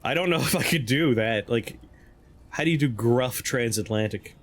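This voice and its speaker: A man's voice: medium pitch, normal speed. A man casually commenting as he plays a video game, joking around and sometimes breaking into silly voices. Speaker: streamer playing a game. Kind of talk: casual let's-play commentary. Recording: with game music behind.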